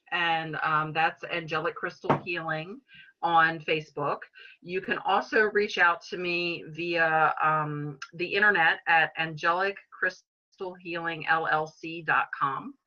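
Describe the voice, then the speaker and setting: A middle-aged woman chats earnestly as a guest, stopping for fillers and restarts. Her voice sits a little low but sounds bright and forward. The recording is slightly dull and lo-fi. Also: takes it slowly. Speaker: reiki practitioner, guest. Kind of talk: casual interview talk.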